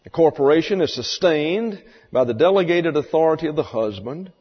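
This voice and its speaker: A man teaching a sermon lecture in a folksy, explanatory way, asking rhetorical questions. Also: medium pitch. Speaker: Bible teacher. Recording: muffled recording in a reverberant hall.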